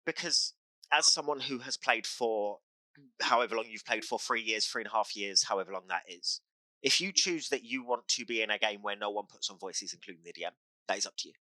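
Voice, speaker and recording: Emphatic man, bright and dry. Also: fairly low pitch, fairly quick, dry recording, rough recording. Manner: impassioned, emphatic, repeats phrases for effect. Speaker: game master and podcast host. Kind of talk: opinionated casual chat.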